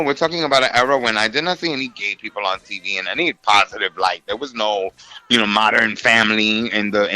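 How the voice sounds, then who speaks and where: A middle-aged man from New City, telling stories in a campy, animated casual chat full of "honey" and "darling.". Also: lowish voice, dry recording, low-quality recording. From New York City.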